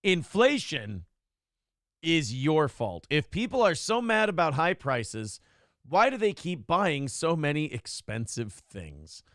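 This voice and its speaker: A man co-hosting a talk show, ranting in a sarcastic, animated way. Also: a little high, measured pace, no room sound, clean studio sound. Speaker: co-host. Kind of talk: casual chat.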